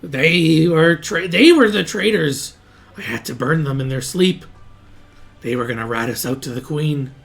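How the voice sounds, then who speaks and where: A man voicing a manic male goblin prisoner who pleads frantically in a shrill, high voice. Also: measured pace, creaky, soft background music. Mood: defiant.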